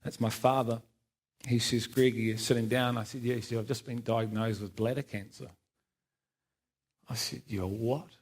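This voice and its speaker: During a church service, a middle-aged man from New Zealand recounts his personal testimony in a level, medium-pitched voice at normal speed, leaving long pauses. Poking fun at himself, he laughs a lot and performs the quoted lines of the people in his story.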